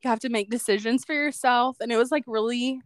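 A woman's voice: fairly high pitch, fast talker, dry recording. A young woman co-hosting a podcast, telling a personal story in a casual chat with a lot of "like" fillers. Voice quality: says "like" a lot, chatty and reflective. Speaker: podcast co-host.

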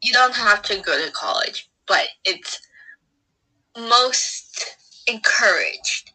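A young woman co-hosting a casual podcast, ranting quickly with a sarcastic edge. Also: on the high side, lively intonation, sharp tone, breathy edge, poor audio. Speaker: podcast co-host. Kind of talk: casual chat.

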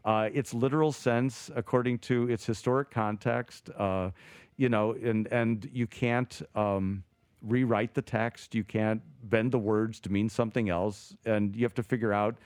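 Animated man thinking aloud, dry sound. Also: fairly low pitch, measured pace, no echo. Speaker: podcast co-host, theologian. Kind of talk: casual theological discussion.

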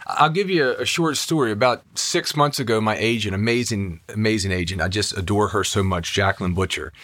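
A man's voice: on the low side, brisk, a bit bright, dry recording. A man, a podcast co-host and actor, chatting casually and telling an enthusiastic personal story.

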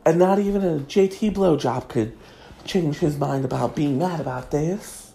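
A woman from Kentucky with a Kentucky Southern accent, hosting a crude, sassy comedic gossip monologue with drawn-out emphasis. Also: sits low, animated, warm tone, a little hiss or hum. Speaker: celebrity gossip host.

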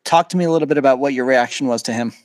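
Dude playing a fake therapist, calm questions, dry recording. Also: male voice, mid-range voice, very fast, dry recording. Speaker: podcast co-host acting as therapist. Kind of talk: mock therapy session.

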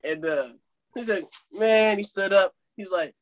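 A young man casually telling a funny story to friends on a podcast, animated and laughing along. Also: sits high, a little slow. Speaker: podcast co-host.

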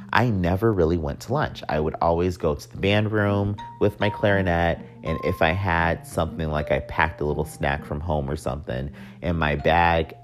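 A young man telling a personal story in a candid, profane way, with wry joking asides. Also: low-pitched.

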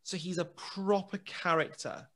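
A man, a guest telling a lively anecdote in casual chat, full of restarts and acted dialogue. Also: high-pitched, measured pace. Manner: lively storyteller, many restarts and quoted dialogue.

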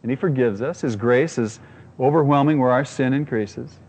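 A man's voice: medium pitch, normal speed, a little mellow, slightly rough, long reverb tail. A man preaching a sermon as pastor, earnest and emphatic, often repeating his phrases.

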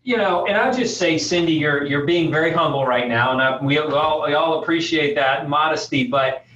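A man's voice: a little high, moderate pace, fairly bright tone. A man moderates a panel, encouraging the speakers and leaning on plenty of fillers. He sits away from the mic, so his voice sounds dull and roomy, with a faint hiss behind it. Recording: distant dull echoey audio with faint hiss.

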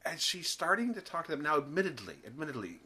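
A man co-hosts a podcast, casually recapping a TV episode, laughing often and performing the characters' lines. His voice sits a little high, with big pitch swings, a fast pace and a sharp tone.

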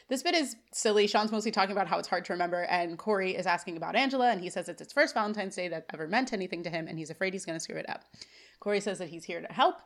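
A young woman co-hosting a podcast, recapping a TV episode in casual chat and reading dialogue aloud with animated bursts. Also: medium pitch, racing. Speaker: podcast co-host.

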